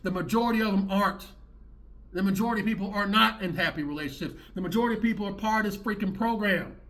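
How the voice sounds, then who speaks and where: Quick-paced, with a high-pitched and somewhat bright voice, this man runs his own channel reacting to clips. He rants in a preachy, meandering way, repeating points as the talk loops back on itself.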